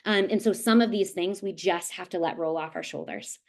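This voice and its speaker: A woman's voice: lowish voice, brisk. A woman presenting a parenting webinar as a nurse, casual and conversational, often checking in with "right?" and acting out little scenes. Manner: conversational, with frequent "right?" tags and animated acted-out asides. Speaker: nurse and lactation consultant presenter.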